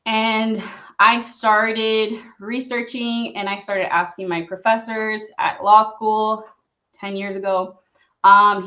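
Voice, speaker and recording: A woman's voice: mid-range voice, steady tone, takes it slowly, sharp tone, muffled recording. A woman in her thirties, an immigration attorney, talking earnestly and personally in a live question-and-answer stream, with frequent fillers.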